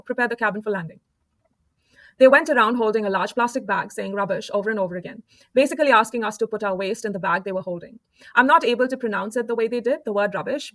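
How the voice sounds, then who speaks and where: A woman from India giving a calm, measured scripted narration for an explainer video. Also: on the high side, no room sound.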